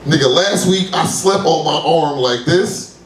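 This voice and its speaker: A man, doing a loose, profane stand-up set with sudden shouted, high-pitched outbursts at an open mic. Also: unhurried, slight background noise. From New York. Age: 30s. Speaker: stand-up comedian. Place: small club at an open mic. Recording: roomy club sound from a distant mic.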